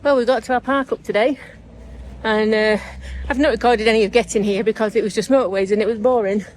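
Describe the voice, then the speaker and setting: A woman's voice: fairly high pitch, fairly even intonation, fast, darkish tone, slight background noise. Chatty middle-aged woman vlogging. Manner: chatty and jokey, laughs often. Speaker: travel vlogger. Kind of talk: casual vlog chat.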